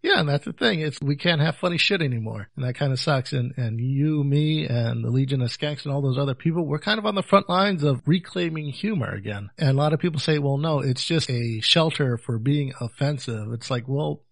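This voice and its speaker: Dry-sounding podcast guest, earnest. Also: male voice, medium pitch, animated, fairly quick, vocal fry, few pauses, no echo. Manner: earnest, laughs easily, argues for offensive humor. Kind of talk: casual podcast chat.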